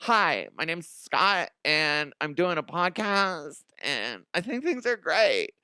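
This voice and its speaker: An upbeat young podcaster bro, as a man puts him on, drawls slowly in a breezy valley-style put-on. The voice sits a little higher than the man's own. The pitch moves a lot. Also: very animated, pushed and bright, clean tone, no room sound, studio quality, heavily acted. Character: airy upbeat young male California podcaster.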